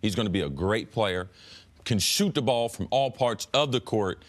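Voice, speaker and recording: A man analyzing sports as a co-host on a talk show, speaking in a measured, expressive way. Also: on the low side.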